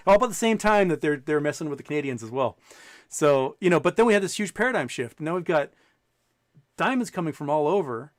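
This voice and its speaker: A man's voice: fairly high pitch, a little fast, no room sound. Chatty storytelling man, dry sound. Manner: storytelling, animated quoting, many restarts. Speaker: podcast host. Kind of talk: casual chat.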